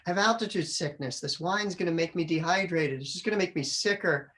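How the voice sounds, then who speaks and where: A man voicing his weary, sick wife in a lower, quieter tone within a funny story. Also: brisk.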